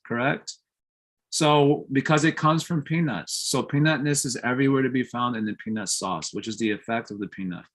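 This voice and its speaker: A man teaching a morning class in a temple, speaking at an ordinary middle pitch. He explains through homely comparisons and keeps asking his listeners whether they follow. Short chuckles run through his stories. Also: a bit bright. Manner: explains with homely comparisons, often checks understanding with questions; laughs easily while telling stories. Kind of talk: scripture class.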